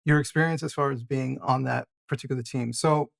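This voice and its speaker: A host asking questions in casual conversation, halting and searching for words. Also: medium pitch, fairly even intonation, gravelly.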